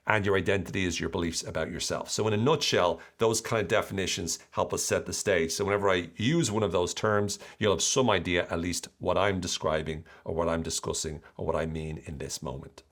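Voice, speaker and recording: A man hosting his own podcast, explaining ideas in an enthusiastic, animated solo monologue. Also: deep voice. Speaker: podcast host.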